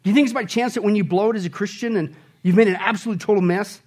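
High-voiced preaching man, emphatic. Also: fast. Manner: emphatic preaching with rhetorical questions, swinging from low intimate to loud shouts. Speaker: pastor. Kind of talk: sermon.

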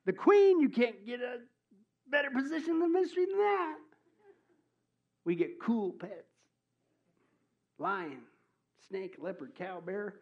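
A man delivers a sermon in a high voice, playful and animated. He jumps between loud bursts and hushed, drawn-out asides. The recording sounds dull and lo-fi. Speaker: pastor.

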